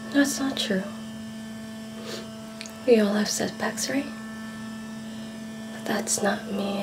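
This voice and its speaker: A tormented young soldier woman in a film drama, slow and strained, dropping to whispers and breaking into outbursts. Her lines sit over a steady electrical hum and noise. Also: low voice. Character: soldier woman battling PTSD and inner self-loathing.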